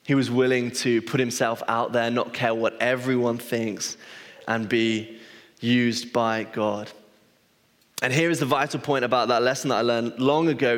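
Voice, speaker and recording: A man's voice: mid-range voice, a bit bright. A man, a pastor giving a sermon and telling self-deprecating stories with a chatty, restarting delivery. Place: church hall. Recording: long reverb of a church hall.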